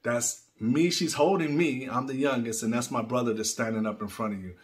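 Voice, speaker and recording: A man's voice: medium pitch, steady tone, a little fast. A man hosting his own video channel, talking casually from his studio in a heartfelt, rambling way and repeating words as he goes. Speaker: channel host. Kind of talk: casual vlog talk.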